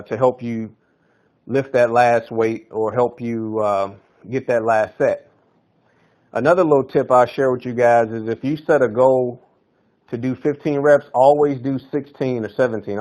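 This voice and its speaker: A man's voice: mid-range voice, darkish tone. A man hosting a fitness podcast, talking in a loose, slangy, hyped-up coaching style. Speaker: podcast host. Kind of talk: casual fitness podcast monologue.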